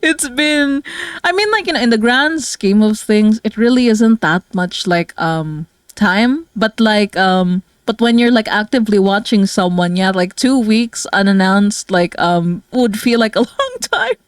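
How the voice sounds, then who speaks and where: A tired, low-energy woman from the Philippines chatting casually with her viewers as a streamer, rambling with many fillers and soft laughs. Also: animated, a little slow, clean tone, no room sound, clean studio sound. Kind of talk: casual livestream chat with viewers.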